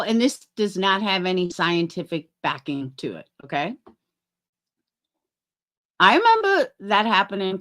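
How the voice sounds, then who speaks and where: A woman's voice: fairly low pitch, a bit bright. A middle-aged woman chatting on a livestream, rambling and swearing as she talks to her chat by name.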